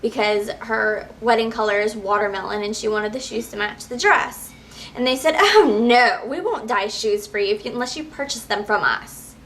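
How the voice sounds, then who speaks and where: A woman's voice: medium pitch, moderate pace, fairly bright tone. A young woman vlogging, casually retelling a frustrating shopping trip and acting out the quotes with exasperation. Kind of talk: casual storytelling to camera.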